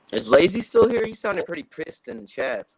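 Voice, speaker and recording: A man's voice: on the high side, sing-song, a little slow, noisy background. A man joking and teasing his friends in a casual live-stream chat.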